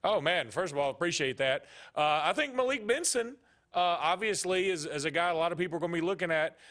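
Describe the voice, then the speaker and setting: Opinionated male co-host, raised pitch, quick to react. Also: animated, fairly bright tone. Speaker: sports talk radio co-host. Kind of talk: casual radio chat.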